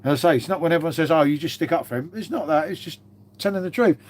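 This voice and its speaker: A man's voice: a little high, racing. A man chatting casually on a live stream, swearing freely and calling his viewers mate.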